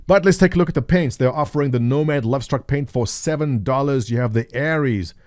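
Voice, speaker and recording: A man's voice: mid-range voice, fairly quick, darkish tone, no room sound, studio quality. A man hosting a casual gaming video, chatting and joking through news and a promo clip with loose fillers. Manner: chatty, jokey, with frequent uh fillers. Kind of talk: casual gameplay commentary.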